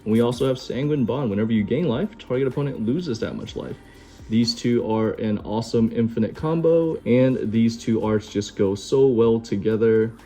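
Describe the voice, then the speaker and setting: A young man hosts a casual card unboxing in a low, mellow voice. He sounds relaxed, chatty and keen, with faint music playing behind him. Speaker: card-opening host.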